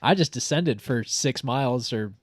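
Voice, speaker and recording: A man's voice: mid-range voice, lively intonation, normal speed, dry recording. Teasing man on a dry mic. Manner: teasing, fussy about pronunciation. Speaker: podcast co-host. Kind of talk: casual chat.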